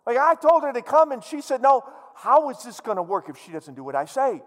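A blustering, arrogant old king roars his demands, as a preacher puts him on, his voice jumping high and loud. Every word is indignant. A long hall reverb trails behind it. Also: very animated, brisk. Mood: exasperated. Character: arrogant furious ancient male king.

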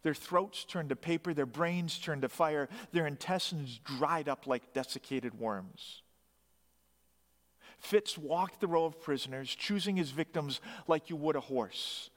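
A man's voice: on the high side, measured pace. A man preaching, telling a story dramatically with emphatic rising bursts. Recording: long hall reverb.

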